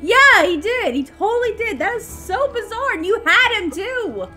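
A woman's voice: extremely high pitch, big pitch swings, normal speed, bright, forceful tone. A young woman co-hosting a let's play, giggling and cheering the player on in casual chat. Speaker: co-host watching gameplay. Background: game music.

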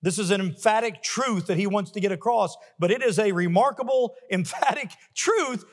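Guy preaching in a church, high voice, long echoey reverb, gets loud and punchy on repeats. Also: normal speed, hardly any pauses. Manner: emphatic, rising to forceful peaks with repeated refrains. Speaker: pastor. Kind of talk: sermon. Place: church sanctuary.

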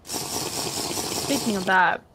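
A woman's voice: medium pitch, very slow, background noise. A woman hosting a gaming session, easygoing as she organizes the group. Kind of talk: casual gaming chat.

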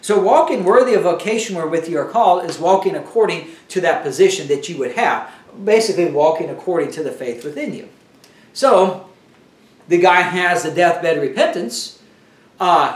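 A man's voice: high-pitched, echoey room, distant mic. A man teaching a Bible lesson in a conversational sermon style, often restarting his sentences.

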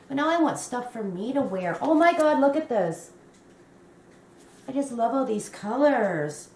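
A woman's voice: fairly high pitch, unhurried. Gushing woman in an echoey room. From Canada. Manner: gushing and excitable, with many exclamations. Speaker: crochet vlogger. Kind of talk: unboxing a gift on camera. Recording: echoey room with faint noise.

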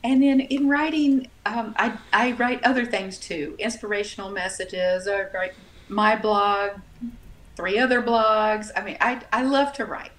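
A woman author chatting casually as an interview guest, telling stories with animated laughs. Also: mid-range voice, unhurried.

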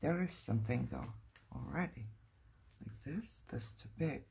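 A woman's voice: extremely low pitch, lively intonation, unhurried, gravelly, mellow, husky. A middle-aged woman vlogging about her crafts, thinking aloud in a chatty, playfully dramatic way. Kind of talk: casual crafting chat.

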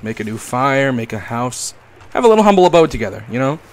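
A young man giving comedic gameplay commentary, playful and crude, swinging from mock-tender talk to yelling and swearing. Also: medium pitch, very animated, quick pace. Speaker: gaming YouTuber.

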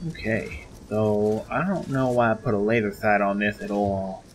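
A man's voice: on the low side, fairly even intonation, moderate pace, slight background noise. A man giving casual, chatty commentary while playing a spooky game, easily rattled and joking to himself. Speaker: gameplay commentator. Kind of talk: casual let's-play commentary.

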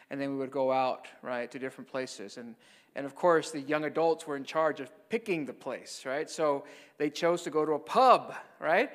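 Speaking in a slightly high, somewhat bright voice, this Catholic priest delivers a mission talk like he's telling a story, tagging lines with "right?" to check in with listeners. The sound trails off in a long reverb.

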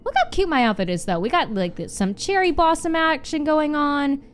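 A young woman streamer doing let's play commentary in a horror game, swearing and yelling at enemies. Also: high-pitched, big pitch swings, normal speed. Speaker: gaming streamer.

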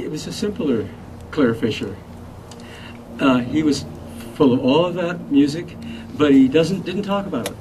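An older man giving a heartfelt tribute to an old friend, halting and restarting often. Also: a little high. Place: memorial gathering room. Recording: distant mic with steady noise.

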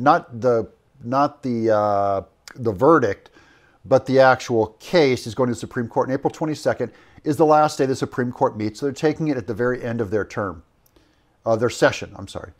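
A man giving opinionated political commentary, rambling with fillers and self-corrections. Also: mid-range voice. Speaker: political commentator in a played clip.

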